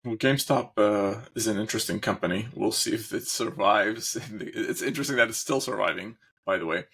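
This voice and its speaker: A man's voice: fairly low pitch, a little fast, vocal fry, fairly bright tone, husky. A man hosting a casual podcast, rambling and searching for words as he talks. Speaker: host.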